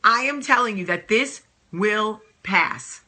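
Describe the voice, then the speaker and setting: Sassy, bright-voiced woman vlogger. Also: mid-range voice, takes it slowly. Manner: animated, emphatic, sassy. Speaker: host. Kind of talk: casual advice vlog talk.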